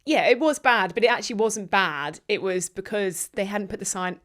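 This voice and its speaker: A woman co-hosts a casual comedy podcast. Her voice sits at an ordinary middle pitch, and she talks in a chatty, animated way, as if telling a long story to a friend. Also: moderate pace. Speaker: podcast co-host.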